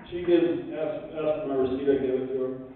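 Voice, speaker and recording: A man's voice: mid-range voice, fairly even intonation, brisk. A man doing a live stand-up comedy set, telling stories and imitating the people in them, with asides to the crowd. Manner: storytelling with quoted voices and asides to the crowd. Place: live venue, stage. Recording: distant lo-fi live recording in an echoey hall.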